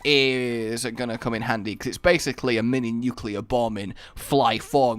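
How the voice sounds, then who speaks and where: A young man giving rambling, self-mocking commentary while playing a video game. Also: mid-range voice. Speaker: gaming YouTuber. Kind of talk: Let's Play commentary.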